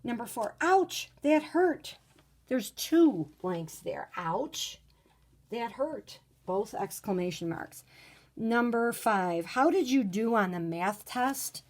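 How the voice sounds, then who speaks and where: A woman teacher takes children through a recorded lesson in an unhurried, patient voice. Her pitch sits in a middle range. She reads example sentences with sudden lively exclamations. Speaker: third grade teacher.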